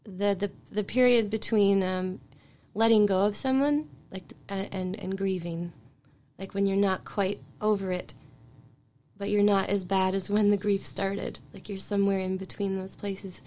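A woman's voice: mid-range voice, flat delivery, measured pace, a little mellow. A woman with a Canadian accent, a songwriter guest in a casual podcast interview, talking in a chatty, reflective way with light laughs.

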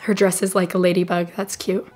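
A woman's voice: fairly low pitch, level tone, fairly quick, a little mellow, faint music behind. A young woman giving casual, emotional commentary while she watches a movie, gushing and exclaiming, sometimes whispering. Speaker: movie reaction vlogger.

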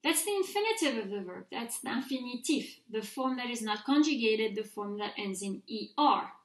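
A woman's voice: a little high, animated. Patient woman teaching, roomy echo. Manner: clear, patient, repeats words slowly for students to copy. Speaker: French teacher. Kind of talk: recorded grammar mini-lecture.

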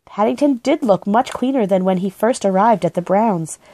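A woman gently and expressively reading a children's book aloud. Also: mid-range voice, normal speed. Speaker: storybook reader.

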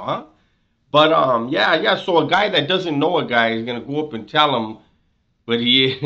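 A man with a bright, forceful voice breaks in with skeptical reaction commentary. His asides are dry and sarcastic. The recording sounds dull and a little lo-fi. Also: a little high.

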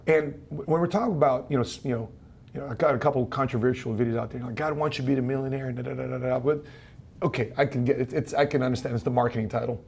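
Fast-talking man from the Philippines hosting. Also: mid-range voice, steady tone, vocal fry, darkish tone, a little hiss or hum. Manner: eager, storytelling, quick affirming "yeah"s. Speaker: podcast host. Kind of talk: casual interview chat.

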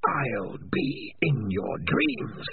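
A man voicing Spider, a sinister rat spirit, in a breathy, drawn-out whisper. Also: mid-range voice, huge pitch swings, soft background music, pitched above the performer's own voice, full character voice. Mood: menacing. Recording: tinny lo-fi audiobook recording.

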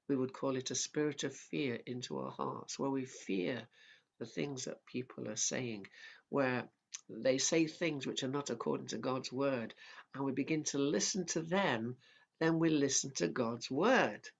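A man preaching at a family service, telling a Bible story in a gentle, simple way. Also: mid-range voice, gravelly. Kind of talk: children's sermon storytelling. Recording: dull lo-fi sound.

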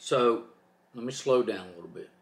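A man of mid pitch hosts his own channel and talks off the cuff. He is fired up and preachy and leans hard on every point. His voice echoes around a roomy space. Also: vocal fry. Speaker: trucking channel host. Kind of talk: off-the-cuff vlog rant.

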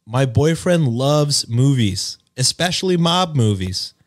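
A man's voice: mid-range voice, animated, takes it slowly. A man co-hosting a show, reading a post aloud with laughs and jokey asides. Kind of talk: casual reading and reacting.

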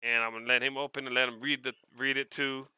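Bright excitable man from Hawaii. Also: medium pitch, fast talker, clear, resonant tone, no echo. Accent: Hawaiian Pidgin-tinged English. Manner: excitable, laughs often, repeats words. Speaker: vlogger. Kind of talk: casual unboxing vlog.

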